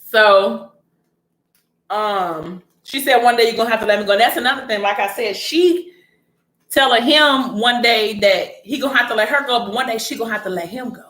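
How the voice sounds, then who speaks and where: A woman casually recapping a story in blunt, animated, slang-heavy chat. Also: a little high, moderate pace. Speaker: vlogger recapping a TV series. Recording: echoey room.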